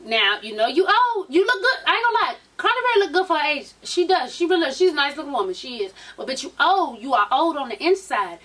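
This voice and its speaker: A woman with a high voice dishes on a reality show in a sassy, animated way, swearing freely as she recaps it. She sits a little back from the mic, so her voice sounds slightly distant. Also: fast talker, hardly any pauses. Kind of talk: casual, profane show recap.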